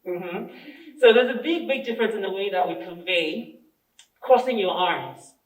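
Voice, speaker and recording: A woman presenting a training workshop, a lively storyteller who acts out dialogue and asks her audience questions. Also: mid-range voice, moderate pace. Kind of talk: interactive training workshop talk. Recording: echoey room, far from the mic.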